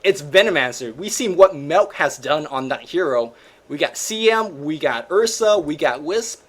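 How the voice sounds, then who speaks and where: A man hosting a gaming show, commentating replays in an energetic, joking, slangy way. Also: on the high side, normal speed. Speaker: host and caster.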